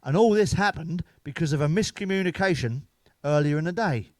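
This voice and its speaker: A man's voice: a little high, expressive, brisk, no echo. A middle-aged man telling crude, bawdy comic stories as a comedian. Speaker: stand-up comedian. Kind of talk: comic storytelling.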